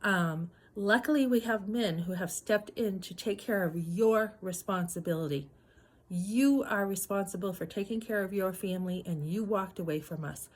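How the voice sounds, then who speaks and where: A woman in her fifties talking straight to her viewers in a personal vlog, emphatic and indignant, acting out her own sharp words and holding back tears. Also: mid-range voice, normal speed. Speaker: vlogger.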